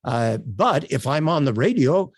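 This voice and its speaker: An older man presenting a sales workshop over a video call, telling stories in an animated way with frequent fillers. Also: mid-range voice, measured pace, husky. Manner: animated, projecting, storytelling with many fillers.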